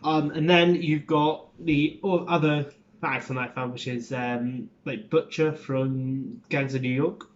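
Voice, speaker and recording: A man's voice: mid-range voice, steady tone, takes it slowly, lo-fi sound. A man rambling casually through an accent tutorial, swearing and interrupting himself. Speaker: vlogger and acting student.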